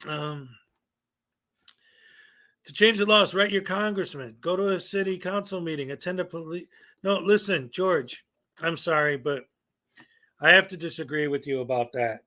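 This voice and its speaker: A man's voice: fairly high pitch, moderate pace, long pauses, pushed and bright. A man hosting a casual livestream, talking to chat with sarcastic, joking asides. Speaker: channel host.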